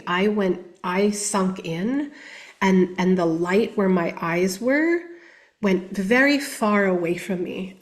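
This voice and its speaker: A woman giving candid personal testimony as a guest on a podcast interview, reflective and often speaking quietly. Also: medium pitch.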